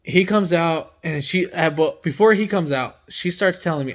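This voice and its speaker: Animated man telling a story, a bit high. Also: normal speed. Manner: animated, acts out his own reactions. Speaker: mechanic working from home. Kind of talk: casual storytelling.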